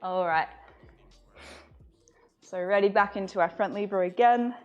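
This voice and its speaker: A woman fitness coach giving calm cues during a live-streamed workout. She laughs often and is slightly out of breath. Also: mid-range voice, muffled recording. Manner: slow, calm cueing with frequent laughter.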